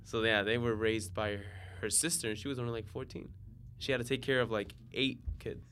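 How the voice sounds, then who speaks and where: Man, 20s, bright voice, casual slangy storyteller, gets animated. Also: on the low side, brisk. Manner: laid-back storytelling, slangy and animated when excited. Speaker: guest, DJ and software engineer. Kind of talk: casual podcast chat.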